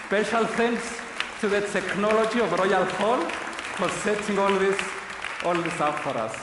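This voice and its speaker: A man's voice: sits high, a little slow, over a noisy crowd, heavy background noise. A man hosting a conference, introducing the next speaker with a light joke. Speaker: conference host. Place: large conference hall. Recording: distant, echoey hall pickup.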